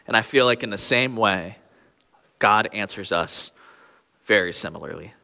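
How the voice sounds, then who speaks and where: Earnest young male preacher, bright tone. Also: fairly low pitch, animated, moderate pace, gravelly, in a large hall. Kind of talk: sermon.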